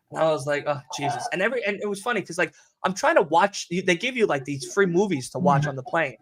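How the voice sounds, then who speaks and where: Young New York guy, podcast host, rambling and swearing, voice on the higher side. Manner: rambling, profane, animated storytelling. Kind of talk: casual chat.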